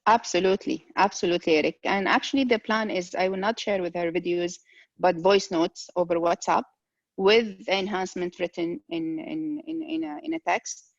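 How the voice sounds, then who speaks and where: A woman with a lowish voice speaks on a video call that sounds dull and dry. She answers with brief, eager affirmations and plans her coaching. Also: normal speed, no echo.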